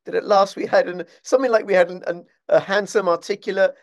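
A man hosts a loose, chatty podcast. His voice sits notably high, and he delivers his points with thick, mocking sarcasm. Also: fairly even intonation, quick pace. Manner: heavy mock-sarcastic praise. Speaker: podcast host. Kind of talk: casual video-call chat.

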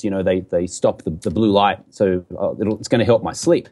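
Mellow-voiced Australian man, jokey. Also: lowish voice, brisk. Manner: jokey and animated, acts out quoted lines. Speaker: podcast guest, entrepreneur. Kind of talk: casual interview chat.

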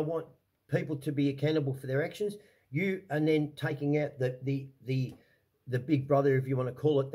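A man's voice: fairly high pitch, dark tone, slightly rough. An Australian man delivering an angry, heated vlog rant to camera, swearing often and repeating himself as he restarts his sentences. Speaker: vlogger. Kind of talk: angry ranting monologue.

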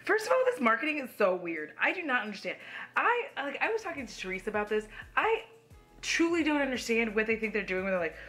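A woman's voice: fairly high pitch, big pitch swings, fast, a bit bright, faint music behind. A young woman giving blunt, sassy makeup commentary from home, swearing casually. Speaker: beauty YouTuber.

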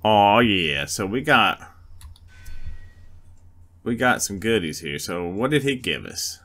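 Slow, laid-back male gamer. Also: on the low side, very animated, pushed and bright. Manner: laid-back, thinking aloud. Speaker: let's play gamer. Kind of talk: casual gameplay commentary.

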